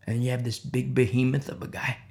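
A preacher telling stories in an impassioned sermon, swinging between loud outbursts and hushed near-whispers and repeating phrases for emphasis. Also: medium pitch, flat delivery, a little fast, gravelly.

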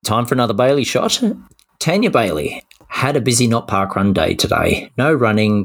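A man co-hosting a podcast, cheerfully reading out listener messages with self-deprecating asides. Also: on the low side. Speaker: podcast co-host.

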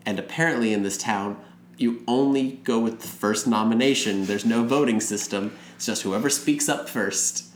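Lowish-voiced guy rambling through a movie recap, roomy echo, faint hum behind. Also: moderate pace. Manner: rambling, retells scenes with acted quotes. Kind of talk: casual movie recap chat. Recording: roomy room with faint noise.

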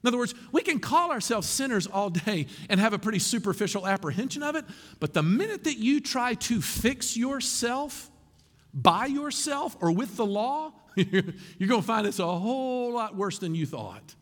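Guy preaching, high voice that swoops all over, chatty asides, big echoey church hall. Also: normal speed. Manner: animated, conversational preaching with asides. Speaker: pastor. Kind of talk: sermon.

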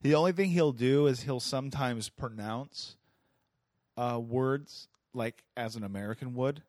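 A man's voice: mid-range voice, unhurried, no echo. A man hosting a podcast, chatting casually and riffing on jokes into a studio mic. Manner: joking, lively, riffs on bits. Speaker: podcast host. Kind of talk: casual comedic chat.

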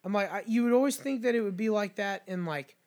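A man's voice: high voice, quick pace. A man from Mexico co-hosting a podcast, telling stories animatedly, swearing often and acting out what people said. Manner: animated storyteller, swears constantly, acts out quotes. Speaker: podcast co-host. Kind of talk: casual chat.

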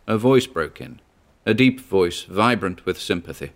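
A man narrating a story in a measured, even reading. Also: low-pitched. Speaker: audiobook narrator. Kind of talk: scripted narration.

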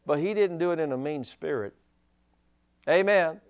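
A male pastor preaching a sermon in an animated way, full of rhetorical questions and chuckling asides. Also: fairly high pitch, moderate pace, clear, resonant tone.

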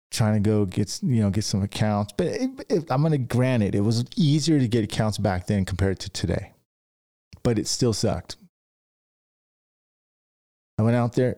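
Warm and on the low side, the voice belongs to a podcast host who runs a dent repair business. His business advice comes out casual and rambling, with restarts and stories he acts out.

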